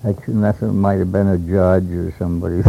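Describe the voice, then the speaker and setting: An older man from Alaska recalling old stories in a rambling, halting way, with many hesitations and chuckles, on a dull lo-fi tape. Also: deep voice, creaky, noisy background. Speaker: interviewee. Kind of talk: oral history reminiscence.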